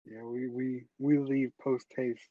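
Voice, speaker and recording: A man's voice: mid-range voice, level tone, measured pace, mellow, dry recording. A man playing a tabletop game, speaking casually and a little hesitantly. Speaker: player. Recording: dull, muffled lo-fi mic.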